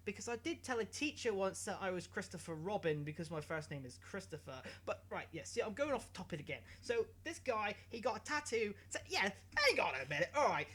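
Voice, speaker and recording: A young man hosting a comic news vlog, rambling and giggling as he mocks himself and swears casually. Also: high voice. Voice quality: giggly, animated, self-mocking, swears casually. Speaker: YouTube host.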